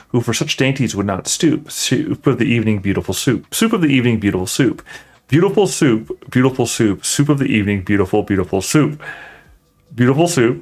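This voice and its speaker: A man doing a sobbing Mock Turtle singing. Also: medium pitch. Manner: sing-song, lilting mock singing. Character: mournful male Mock Turtle, sobbing singer. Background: faint background music.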